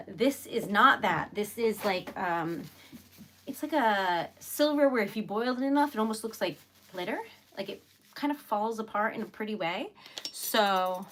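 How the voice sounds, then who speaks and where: This young woman's voice sits at medium pitch with a slightly bright quality. Hosting a livestream where she makes wax seal crafts, she chats away casually, giggling often, bubbly and self-described as a really emotional lady.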